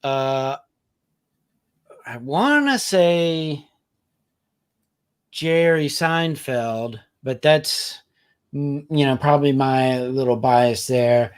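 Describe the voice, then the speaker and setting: Slow, hesitant man chatting. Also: medium pitch, smooth. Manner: hesitant, searching for words with many fillers. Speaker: podcast co-host. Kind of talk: casual chat.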